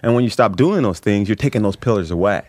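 A man's voice: on the low side, quick pace, no room sound. A middle-aged man talks with a lot of movement in his voice, rising and dipping as he spins his stories. The sound is dry and close, and his sentences restart and pile up as he goes. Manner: animated storyteller, frequent restarts, swears freely. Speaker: comedian guest. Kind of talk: casual podcast chat.

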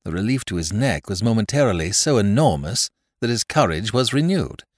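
Male narrator with a low voice and an animated read; dry, close recording. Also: a little fast, no room sound. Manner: lively dramatic reading. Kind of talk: audiobook narration.

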